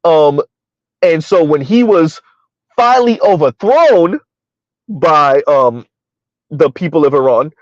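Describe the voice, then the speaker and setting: A middle-aged man hosts a casual live-stream commentary, rambling along with frequent fillers and short laughs. His voice sits a bit high for a man. The recording is dull and lo-fi, with a dry, close sound. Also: lively intonation, slow, long pauses, no room sound. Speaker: commentary channel host.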